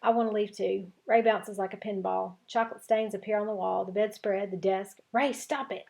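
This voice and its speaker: A woman teacher reading a chapter book aloud to her class, with clear, expressive storytelling. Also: mid-range voice, fairly quick.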